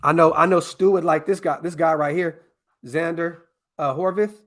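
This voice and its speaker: Male podcast host, slightly high voice, excitable and profane, casual live-stream chat with viewers. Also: moderate pace. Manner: excitable, profane, talks straight to his chat. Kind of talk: casual live-stream mock draft commentary.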